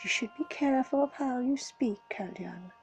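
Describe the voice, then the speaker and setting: A woman's voice: high voice, normal speed, a little mellow, lo-fi sound, soft background music. A woman voicing a mocking, sarcastic ghost child in a storybook reading. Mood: taunting. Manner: sarcastic, taunting.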